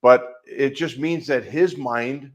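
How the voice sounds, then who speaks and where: A man's voice: medium pitch, slow. A middle-aged man with a Midwestern American accent, speaking as a life coach on a coaching call. He talks emphatically and piles up long repeated lists.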